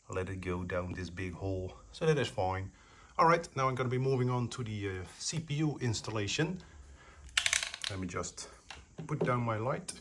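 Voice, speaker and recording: A man casually narrating his PC build while filming on a handheld phone, talking in a rambling, hesitant way with many fillers. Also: lowish voice. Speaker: PC building vlogger. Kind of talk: casual self-filmed narration. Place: indoors at home, sitting on the floor.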